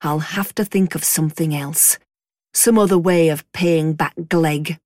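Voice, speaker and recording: A woman reading a storybook, voicing a worried father who mutters quietly to himself. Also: deep voice, measured pace, no room sound, clean studio sound. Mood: brooding. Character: worried father deep in thought.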